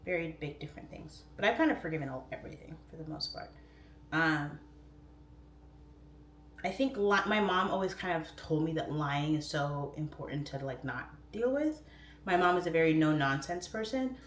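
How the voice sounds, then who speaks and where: A woman's voice: expressive, normal speed, a little hiss or hum. Chatty woman livestreaming in echoey room. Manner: chatty, rambling, warm-hearted talk with frequent "like" fillers; swoops up into high voices when quoting herself. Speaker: livestream host. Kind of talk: casual chat. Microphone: phone or webcam.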